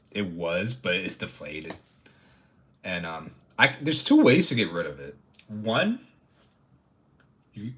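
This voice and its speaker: A man's voice: low-pitched, sharp tone. A young man chatting casually on a livestream. He rambles, stammers through restarts and laughs often. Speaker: streamer.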